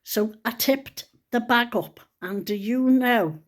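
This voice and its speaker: An older woman with a Liverpool accent tells a heartfelt story from her own life. Her voice sits a little high, and she talks in a chatty way, full of local dialect. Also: slow pace. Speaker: vlogger. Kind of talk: emotional personal storytelling.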